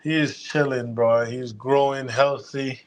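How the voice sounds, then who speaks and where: A young man co-hosting a sports talk show, talking in a relaxed, casual way and laughing often. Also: medium pitch, unhurried. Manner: laid-back, laughs often. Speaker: podcast co-host.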